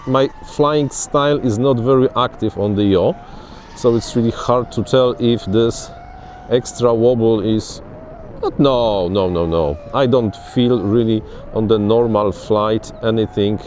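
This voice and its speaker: A man talks his way through a drone test flight out on the grass, excitable and given to repeating himself. His voice sits in a middle register. Faint outdoor noise runs under his words. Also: medium pitch. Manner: chatty, restarts words, excitable. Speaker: FPV drone reviewer. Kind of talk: casual outdoor flying commentary.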